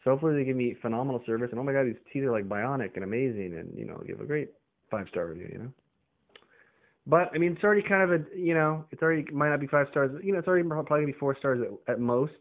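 A male podcast host ranting in a loose, rambling way, full of fillers and the odd swear word. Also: medium pitch. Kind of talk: casual rambling monologue. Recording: tinny phone-like sound.

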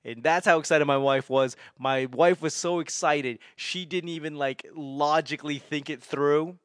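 A man's voice: on the high side, steady tone, unhurried, a bit bright, clear, resonant tone, no room sound, studio quality. A man casually telling a rambling story, laughing often and swearing freely.

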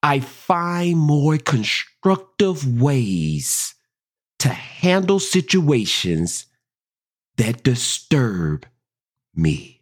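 A podcast host slowly reading self-affirmations and repeating key phrases. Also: medium pitch, very animated.

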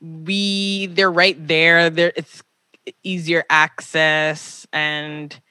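A woman's voice: low voice, level tone, very slow, sharp tone, clear, resonant tone, dry recording. A woman from Toronto co-hosting a podcast, chatting casually and animatedly, teasing her co-host with pressing questions. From Toronto, Canada. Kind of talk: casual chat.

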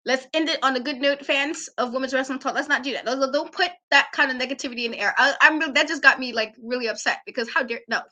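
A woman co-hosting a wrestling talk show, ranting in an animated, exasperated way and laughing often. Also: high voice, fast, few pauses. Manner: emphatic repetition. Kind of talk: casual podcast rant.

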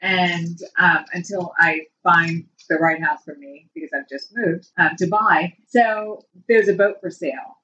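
A woman's voice: fairly low pitch, fairly even intonation, measured pace, few pauses, bright, forceful tone, lo-fi sound. Fifty-something woman host, chatty and giggly, mic a bit far off, faint hiss. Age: 50s. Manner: chatty storyteller, laughs often. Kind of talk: casual chat.

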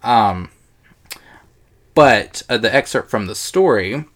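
A man's voice: medium pitch, expressive, slow pace, a bit bright. A man co-hosting a podcast in casual chat, hesitant with many fillers and restarts, swearing freely. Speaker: podcast co-host.

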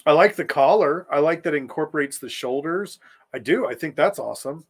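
A man's voice: fairly high pitch, animated, fairly quick, slightly rough. A man co-hosting a podcast in casual chat, blunt and opinionated. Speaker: podcast co-host.

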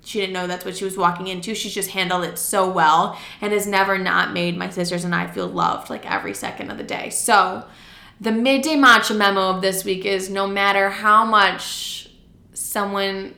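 A woman's voice: mid-range voice, creaky, bright, forceful tone. A young adult woman hosting a podcast, telling a story in a chatty, casual way with lots of "like" and free swearing. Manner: chatty, heavy use of "like", swears freely. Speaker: podcast host. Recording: roomy echo.

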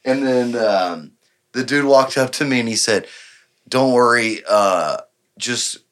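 A man's voice: medium pitch, slow, fairly bright tone. A man, telling a rambling bar story on a podcast and acting out the other people's lines. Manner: rambling, acts out quoted dialogue, laughs often. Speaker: podcast guest. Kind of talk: casual storytelling.

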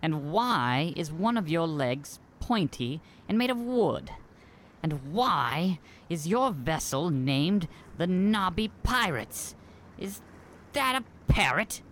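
An actor playing a pompous rich young pirate scholar with prim, gushing, naive chatter. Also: male voice, fairly high pitch, sing-song, takes it slowly, a bit bright, slight background noise, full character voice.

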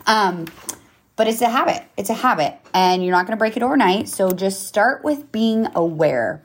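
Hosting a podcast, a woman in her thirties gives a relaxed motivational talk in a lowish voice. She keeps checking in emphatically with "okay?" and "right?" and occasionally laughs at herself.

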